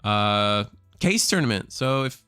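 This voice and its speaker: Casual rambling male streamer, smooth dry voice. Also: fairly low pitch, animated, measured pace, sharp tone, dry recording, soft background music. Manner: rambling, casual, swears freely. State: tired, burnt out. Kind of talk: casual live-stream chat.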